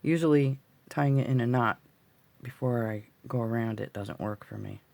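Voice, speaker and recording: A man with a gravelly voice hosting a casual beading tutorial, chatty and muttering to himself as he works, recorded on a phone. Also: medium pitch, normal speed, darkish tone, no room sound. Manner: chatty, mutters to self while working. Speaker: jewelry tutorial host.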